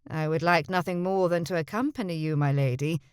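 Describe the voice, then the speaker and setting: A woman's voice: sits low, a little fast, smooth, dry recording, studio quality, voice pushed down, close to an everyday voice. Woman doing a grinning lordly suitor. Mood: courtly.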